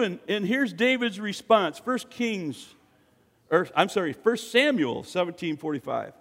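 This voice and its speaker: A man preaching a sermon, building to loud, fervent peaks and joking between points. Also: high-pitched, expressive, measured pace, in a large hall. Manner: preaching with dramatic swells, jokes and acted quotes.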